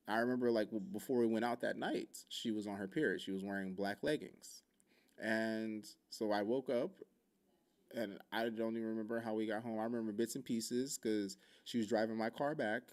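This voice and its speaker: A man hosting a podcast, telling a story in loose, profane casual talk full of fillers. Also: fairly low pitch. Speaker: podcast host.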